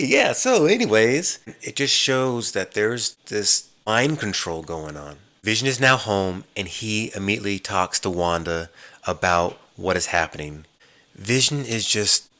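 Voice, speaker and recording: A man hosting a podcast, casually recapping TV episodes as an animated storyteller who mimics the characters' lines. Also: low voice. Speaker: podcast host.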